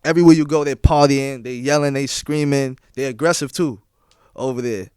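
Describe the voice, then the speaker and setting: A man's voice: mid-range voice, steady tone, fairly quick, darkish tone, clear, resonant tone, no echo, clean studio sound. A young man, a DJ being interviewed on a podcast, telling stories in casual slang and often asking "you feel what I'm saying?". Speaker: guest DJ.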